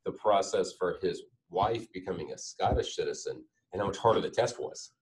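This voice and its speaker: A man's voice: deep voice, lively intonation, moderate pace, recorded from a distance, rough recording. A man co-hosting a podcast, explaining his thoughts casually with fillers. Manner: explanatory, thinks aloud with fillers. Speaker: podcast co-host. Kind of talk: casual chat.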